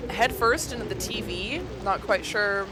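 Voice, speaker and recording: A woman's voice: medium pitch, measured pace, very noisy. A young adult woman streaming a game, chatting casually with viewers, swearing freely and puzzling over their comments. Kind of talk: casual live-stream chat. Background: loud game music.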